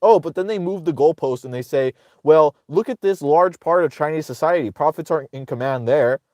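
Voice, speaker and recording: A man's voice: on the high side, brisk, darkish tone, no echo, clean studio sound. A man hosting casual political commentary, ranting sarcastically with profanity, rambling and restarting his sentences.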